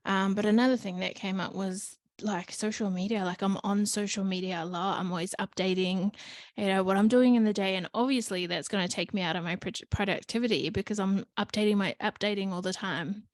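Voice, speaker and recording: A woman's voice: mid-range voice, no echo. A woman hosting a podcast in a casual, reflective monologue, candid and rambling, full of "like" and "you know", swearing now and then. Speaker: podcast host.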